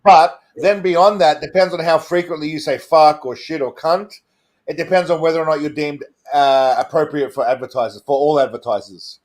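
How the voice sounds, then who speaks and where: A man's voice: fairly high pitch, normal speed. An Australian man co-hosting a casual livestream chat, rambling and repeating himself and laughing often. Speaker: co-host of a livestream show.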